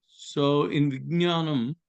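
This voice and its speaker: A man asking hesitant, halting questions as a student in a grammar class. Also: fairly high pitch, steady tone, vocal fry, clear, resonant tone, lo-fi sound.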